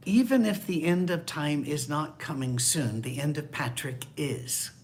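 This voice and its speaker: An older man preaching a conversational sermon, candid and wry, dropping into hushed asides. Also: fairly high pitch, expressive, unhurried, a little hiss or hum. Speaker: pastor.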